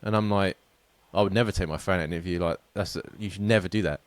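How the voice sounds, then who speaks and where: Low-voiced man, rambling anecdotes. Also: rapid-fire, no echo. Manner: rambling, self-deprecating anecdotes. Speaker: podcast co-host. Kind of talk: casual chat.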